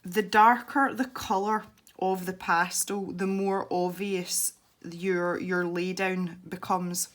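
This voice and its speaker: Chatty Scottish woman, low voice. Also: level tone, slow, few pauses. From Scotland. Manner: chatty, rambling, laughs easily. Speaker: art channel host. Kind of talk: casual tutorial chat while colouring.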